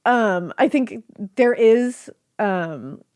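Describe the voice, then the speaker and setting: A woman co-hosts a podcast in loose, casual chat. Her voice sits a bit high and swings widely as she gets animated. She swears freely. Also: extremely slow, clear, resonant tone. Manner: animated, profane, breaks into shrieking laughter. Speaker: podcast co-host.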